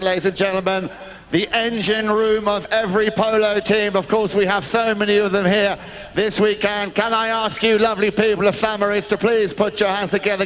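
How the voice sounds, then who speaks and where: A man giving live polo commentary to a crowd, chatty and excitable, shouting out the big plays. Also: sits high. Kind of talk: live sports commentary over a PA. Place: outdoor snow polo ground.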